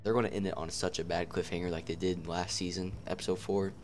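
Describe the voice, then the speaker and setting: A young man casually commenting over a game he is playing, swearing often and getting excited. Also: low-pitched, fast, faint music behind. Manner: profane, excitable, laughs a lot. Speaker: gaming streamer. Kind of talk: casual let's-play commentary.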